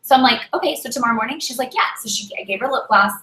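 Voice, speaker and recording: A woman's voice: on the high side, racing. A woman giving a motivational talk to her sales team, telling a story animatedly and acting out the dialogue. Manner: animated, acts out dialogue, exhorting. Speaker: direct sales leader. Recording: roomy echo.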